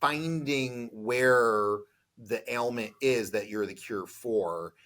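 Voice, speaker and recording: A man's voice: medium pitch, slow, fairly bright tone. A man hosting an interview podcast, asking questions in an enthusiastic, affirming way. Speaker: podcast host.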